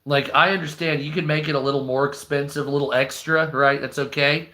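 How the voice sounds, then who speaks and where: A man's voice: on the high side, steady tone, fairly quick, sharp tone. A man from the United States giving heated, profane, rambling commentary on a live news stream.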